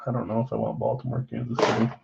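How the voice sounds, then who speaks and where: A man's voice: medium pitch, steady tone, rapid-fire, creaky, breathy edge, highs cut off. Chatty man hosting a live card-break stream. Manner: chatty, jumps between loud and quiet asides. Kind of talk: casual live-stream chat.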